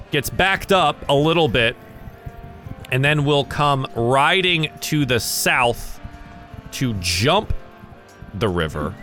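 A Southern American man with a medium-pitched voice serves as game master for a tabletop game, narrating with animation and chuckling between dice rolls.

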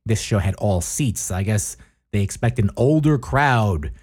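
Low-voiced guy chatting away about a gig he saw, lots of um and you know. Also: lively intonation, measured pace, a little mellow, breathy edge. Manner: rambling, chatty, with many fillers. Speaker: podcast host. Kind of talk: casual album and concert review.

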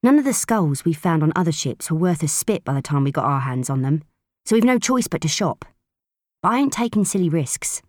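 Woman doing a hard-nosed young pirate captain, blunt and terse, low voice. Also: very animated, brisk, darkish tone, dry recording, studio quality. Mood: determined.

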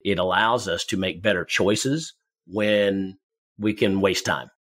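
A man coaching salespeople in a conversation, energetic and quick, often repeating words as he talks. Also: low-pitched. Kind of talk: conversational advice, storytelling.

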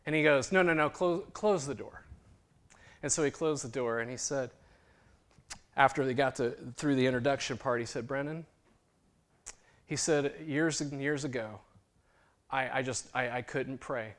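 Male pastor, mid-pitched, sermon storytelling and prayer, moves between lively telling and hushed tones. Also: moderate pace, pauses often. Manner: animated retelling that drops to a hushed near-whisper at moving points.

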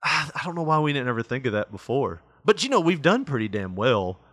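A man co-hosts a loose, profane podcast. His pitch swings widely as he jokes, and he laughs often. The sound is dry and close. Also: very animated, fairly quick, a bit bright, dry recording. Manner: laughs often, slips into mock voices and accents. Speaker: podcast co-host. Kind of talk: casual podcast banter.

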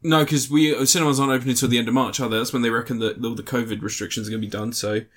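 A man's voice: mid-range voice, fairly even intonation, very fast, fairly bright tone. A young man hosting a podcast, chatty and sweary, laughing often. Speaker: podcast host. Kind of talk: casual chat.

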